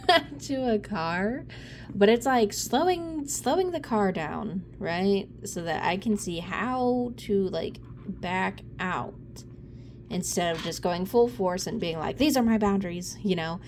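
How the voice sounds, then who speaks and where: Woman tarot reader, unhurried, blunt, foul-mouthed, loose and rambling. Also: medium pitch, expressive, slight background noise. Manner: blunt, profane and rambling, with frequent laughs and sighs. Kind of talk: casual off-the-cuff reading.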